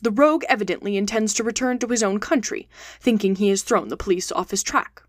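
A woman's voice: medium pitch, no room sound, studio quality, close to an everyday voice. A cold, calculating male detective, as a woman reader puts him on. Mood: calm. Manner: cold and measured.

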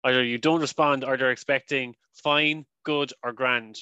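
A man's voice: medium pitch, steady tone, moderate pace, bright, forceful tone, clear, resonant tone, no echo, highs cut off. A man hosting a podcast, chatting casually and repeating words as he thinks aloud. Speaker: podcast host. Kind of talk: casual interview chat.

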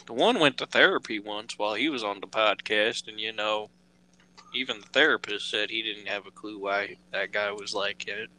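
A man's voice: fairly low pitch, normal speed, pushed and bright. A young American man from Delaware co-hosting a casual podcast while gaming, swearing and joking with a laugh never far off. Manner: profane, joking, laughs often. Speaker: podcast co-host.

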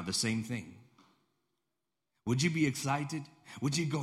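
A man's voice: medium pitch, moderate pace. A man preaching a sermon in a conversational storytelling way, repeating phrases and putting questions to the congregation. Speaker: pastor.

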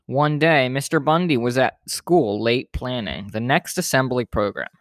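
A man reads a children's picture book aloud for his podcast, relaxed and informal, now and then correcting himself. His voice sits in a middle register. The sound is dry and close to the mic. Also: mid-range voice, moderate pace, dry recording. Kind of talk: storybook read-aloud narration.

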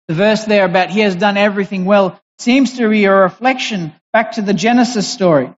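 A preacher giving a sermon in a deliberate, emphatic way, pausing and restarting as they explain. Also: medium pitch. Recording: dull recording in a reverberant hall.

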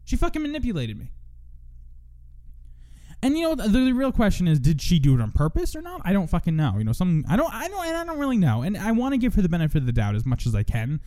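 A man's voice: sits high, huge pitch swings, fast talker, warm tone. A young man hosting a solo podcast, venting in a profane, rambling monologue full of restarts. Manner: profane, rambling, self-interrupting. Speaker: podcast host.

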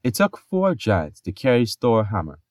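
Expressive male myth storyteller, lively pitch. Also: moderate pace, no echo, clean studio sound. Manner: expressive storytelling with playful asides. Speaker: podcast host and storyteller. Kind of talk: narrating myths.

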